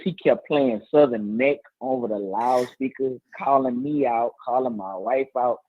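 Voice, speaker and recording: A man in his thirties, a teacher and co-host, telling stories in casual slangy chat and acting out quotes with lively voices. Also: medium pitch, a little slow, no echo, narrow, tinny audio. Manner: animated storytelling, slangy, acts out quotes.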